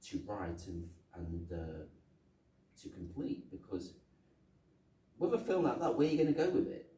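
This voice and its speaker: A man co-hosting a casual film review podcast, excitable and quick to jump into quoted movie lines. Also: sits low, a little hiss or hum. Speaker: podcast co-host. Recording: roomy echo, far from mic.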